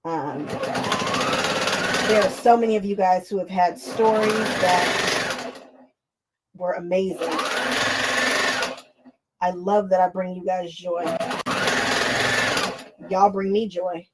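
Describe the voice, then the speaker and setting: A woman's voice: lowish voice, fairly even intonation, takes it slowly, long pauses, heavy background noise. A woman, hosting a casual crafting livestream, chatting to viewers while she sews and laughing often.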